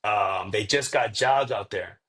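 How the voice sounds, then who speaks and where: A man's voice: fairly low pitch, unhurried, a bit bright. A man, a pastor who is a podcast guest, telling a story in casual conversation and acting out the quoted dialogue.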